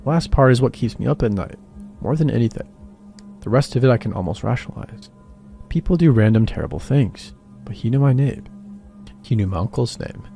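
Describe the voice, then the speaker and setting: A man reading a first-person horror story as scripted narration, in a quiet, even way. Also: mid-range voice, a little fast, creaky. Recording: voice-over with faint music beneath.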